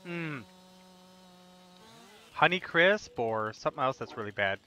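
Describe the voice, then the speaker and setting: A man's voice: mid-range voice, expressive, a little slow, pushed and bright, low-quality recording. A man in his thirties from the United States, chatting casually and joking while he streams a farming game. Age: 30s. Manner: jokey, rambling, laughs often. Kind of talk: casual gameplay chat.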